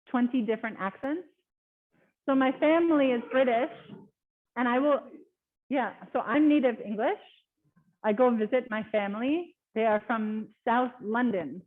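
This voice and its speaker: A woman speaking casually as a guest speaker in an online webinar, chatty and quick to laugh. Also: a little high. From Canada. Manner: chatty, laughs often, lots of fillers. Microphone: video call. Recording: tinny phone-like call audio.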